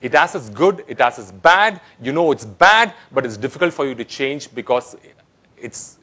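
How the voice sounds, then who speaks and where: A man's voice: mid-range voice, expressive, normal speed, bright, forceful tone, breathy edge. A man giving a playful, interactive conference talk, telling jokes and engaging the audience. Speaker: conference speaker. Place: conference hall.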